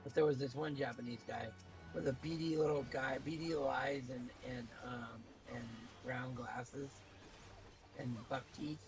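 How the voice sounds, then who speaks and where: A man's voice: mid-range voice, steady tone, normal speed, soft background music, rough recording. A man streaming a video game, chatting casually and at length with a co-player. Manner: rambling, chatty, talks with a co-player. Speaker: streamer playing an online game. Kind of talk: casual chat while gaming.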